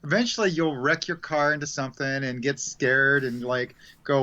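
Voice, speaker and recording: A man talking casually about spiritual lessons as a radio guest, animated and acting out quoted voices. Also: mid-range voice, normal speed. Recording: dull lo-fi sound.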